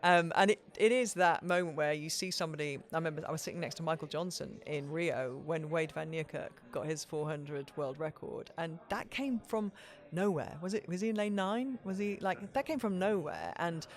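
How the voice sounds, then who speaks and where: A middle-aged woman broadcaster, a guest in a casual podcast interview, telling stories in a lively way with many "you know" fillers. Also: sits low, normal speed, hardly any pauses.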